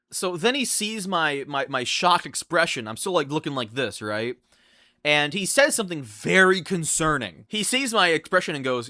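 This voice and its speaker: A young man telling a storytime vlog in an animated, incredulous way, often restarting his sentences. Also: fairly high pitch, a little fast, no room sound, studio quality. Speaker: vlogger.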